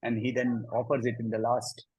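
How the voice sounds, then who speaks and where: Husky Indian man teaching scripture. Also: mid-range voice, no echo, low-quality recording. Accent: Indian English. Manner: slow deliberate chanting of Sanskrit, then lively explanation. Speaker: Gita teacher. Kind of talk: scripture class, chanting and explaining verses.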